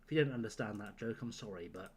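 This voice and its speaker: A man's voice: fairly low pitch, fast talker, slightly rough. A man streaming a game live, chatting to his viewers with sardonic, profane jokes. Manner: sardonic, profane joking to chat.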